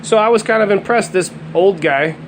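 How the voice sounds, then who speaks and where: A man's voice: high voice, normal speed, background noise. A man in his thirties hosting a podcast, ranting bluntly and swearing constantly, often stumbling and restarting his sentences. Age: 30s. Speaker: podcast host. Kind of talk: profane solo rant.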